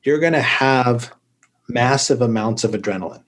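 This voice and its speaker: A man in a podcast interview, explaining patiently and at length. His voice sits in a middle register. He keeps the explanation lively with humorous tales. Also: medium pitch, normal speed. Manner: explanatory, tells joking stories. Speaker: urologist guest.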